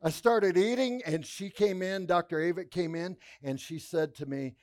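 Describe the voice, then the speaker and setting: A middle-aged male pastor telling a testimony in a sermon, animated, moving between loud laughing bursts and hushed retellings. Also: sits high, moderate pace, few pauses.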